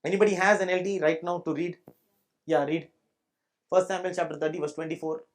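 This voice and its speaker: Emphatic pastor with Indian English accent. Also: male voice, high-pitched, fairly even intonation, brisk. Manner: emphatic, repeats points and checks the audience understands. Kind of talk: preaching a sermon. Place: church.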